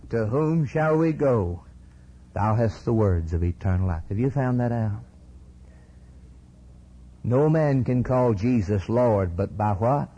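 A man preaching a sermon with passion, swinging from hushed lines to soaring cries. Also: mid-range voice, breathy edge, lo-fi sound.

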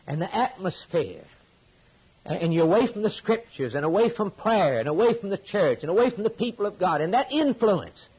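Impassioned husky preacher man. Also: a little high, a little mellow, rough recording. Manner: impassioned, preaching with rising and falling emphasis and repetition. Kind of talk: sermon.

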